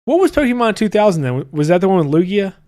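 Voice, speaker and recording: A podcast host in his thirties speaks quickly in a high-sitting voice with big pitch swings and a darkish tone. He chats casually and reads viewer comments in a loose, profane manner, often restarting.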